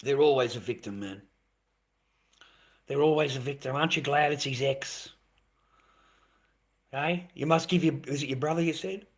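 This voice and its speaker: Hosting a livestream from Australia, a man rants bluntly with constant swearing, repeats himself and calls his viewers mate. His voice is mid-range at a normal speed, broken up by long pauses.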